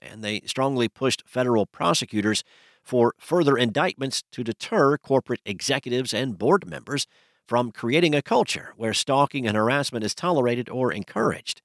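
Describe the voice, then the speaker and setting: A man hosting a news podcast, reading a scripted bulletin in a steady, measured way. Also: medium pitch, no room sound, studio quality.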